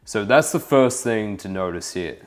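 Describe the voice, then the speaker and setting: A young man giving a relaxed, casual voice-over about dating, full of fillers like "kind of". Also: on the low side, normal speed, background noise. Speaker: dating coach. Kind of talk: voice-over commentary on infield footage.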